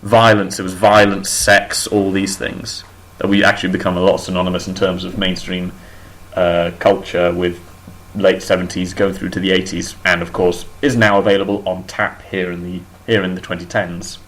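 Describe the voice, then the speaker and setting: A man's voice: deep voice, flat delivery, normal speed, fairly bright tone. A man co-hosting a casual chat show, opinionated and talkative, often restarting his sentences. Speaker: podcast co-host.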